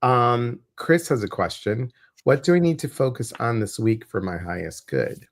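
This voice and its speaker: A man's voice: medium pitch, lively intonation, moderate pace, slight background noise. A man co-hosting a casual livestream, reading viewers' questions and oracle cards, chatty and joking.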